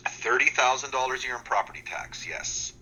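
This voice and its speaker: A man calling in to a chat show, speaking in a measured, matter-of-fact way. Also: mid-range voice, lively intonation, a crowd in the background, rough recording. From Canada. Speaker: caller. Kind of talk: casual chat.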